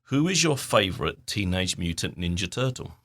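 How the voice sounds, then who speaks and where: A man's voice: deep voice, very animated, moderate pace, fairly bright tone. A man with an Essex and London accent, hosting a radio show in a chatty, rambling way with many restarts. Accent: Essex and London English. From England. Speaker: radio host. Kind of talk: casual chat.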